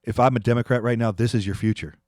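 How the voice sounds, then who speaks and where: A man's voice: mid-range voice, fairly even intonation, fast, darkish tone, no echo, studio quality. A man hosting a political commentary, ranting angrily and repeating himself as he dares his listeners to respond. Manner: angry, ranting, repetitive, challenging viewers.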